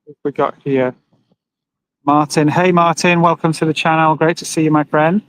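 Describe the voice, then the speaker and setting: Guy with a higher voice streaming on his phone outside, earnest, gets worked up, reads out comments. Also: level tone, normal speed, a bit bright, no room sound, rough recording. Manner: earnest, emotional, talks to viewers and reads comments aloud. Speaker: livestreamer at an animal rights vigil. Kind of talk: live-streamed casual monologue. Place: outdoors by a roadside with passing trucks.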